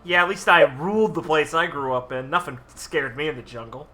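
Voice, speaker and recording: A man voicing a hot-headed pirate in a tabletop game, brash, foul-mouthed and quick to shout. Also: on the high side. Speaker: tabletop player.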